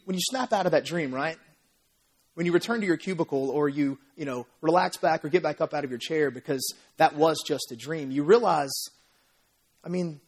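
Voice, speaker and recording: Male pastor, high husky voice, animated storytelling sermon in church. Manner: animated storytelling, acts out crowd voices, asks "right?" often. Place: church sanctuary.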